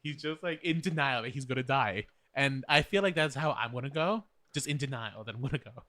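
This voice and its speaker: A man co-hosting a casual podcast chat, animated and playful, peppering his talk with "like". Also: medium pitch, brisk, dry recording. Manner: animated, playful, frequent fillers like "like". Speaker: podcast co-host.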